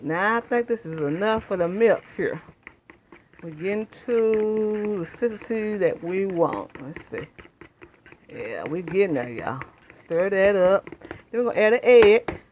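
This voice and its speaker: A woman's voice: medium pitch, expressive, a little slow, a little mellow, a little hiss or hum. A woman hosting a home cooking demonstration in her kitchen, chatting homely with viewers. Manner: homey, chatty, addresses viewers as y'all. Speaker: cooking channel host.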